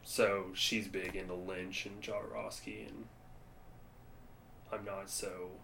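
A man's voice: sits low, flat delivery, slow, vocal fry, background noise. A young man co-hosting a podcast, talking casually and rambling with lots of fillers and frequent laughs. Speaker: podcast co-host. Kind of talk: casual chat.

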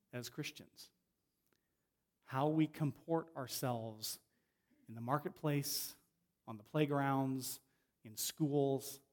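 A middle-aged man preaching as a guest speaker in a conversational way, often restarting phrases and slowing down to stress a point. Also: medium pitch, darkish tone. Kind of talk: sermon.

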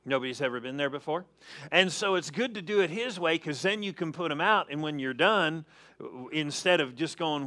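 A man's voice: a little high, normal speed, sharp tone. A man preaching a sermon as pastor, emphatic, calling on the congregation to answer and repeating key phrases.

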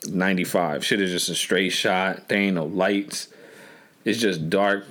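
A man's voice: deep voice, fairly even intonation, measured pace, a bit bright. A man casually telling a road trip story on a podcast, loose and profane, with lots of restarts.

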